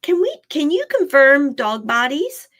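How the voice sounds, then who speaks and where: A woman's voice: sits high, very animated, a little slow, a bit bright. A woman working as an animal communicator, giving live readings in a chatty way, often repeating herself and laughing.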